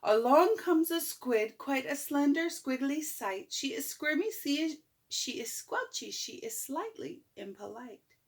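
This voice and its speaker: A grandmother reads a rhyming picture book at an easy, unhurried pace. Her pitch sits on the high side and swings widely. She stops often for chuckling asides to the young listener. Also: lively intonation. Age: older. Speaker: grandmother reading to children. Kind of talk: picture-book read-aloud.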